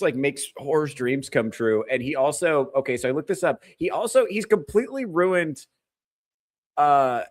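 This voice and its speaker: Lively sarcastic male podcast host. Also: medium pitch, no room sound. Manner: crude, sarcastic, mocking. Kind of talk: comedic commentary rant.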